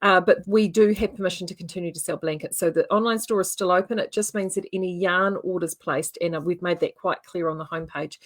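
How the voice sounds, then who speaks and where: Kiwi lady rambling on about her knitting, lots of ums, easy chatty host. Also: on the low side. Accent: New Zealand. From New Zealand. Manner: chatty, rambling, with many fillers. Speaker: yarn shop host. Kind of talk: casual livestream chat.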